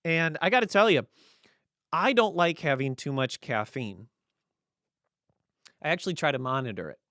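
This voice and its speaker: A young man hosting his own podcast, rambling through a casual comedic monologue with deadpan sarcasm. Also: on the high side, normal speed, dry recording, studio quality. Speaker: podcast host.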